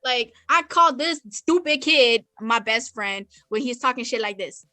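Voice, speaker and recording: High, bright, blunt young woman. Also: lively intonation, moderate pace, no room sound. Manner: blunt, profane storytelling with quoted retorts. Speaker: podcast co-host. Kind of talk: casual chat. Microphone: podcast microphone.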